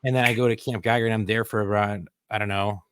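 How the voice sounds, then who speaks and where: A man's voice: on the low side, level tone, fast talker, a bit bright, clear, resonant tone. A man co-hosting a podcast who recalls his own Marine training in a blunt, profane, casual way. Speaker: podcast co-host, Marine veteran. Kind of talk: casual chat.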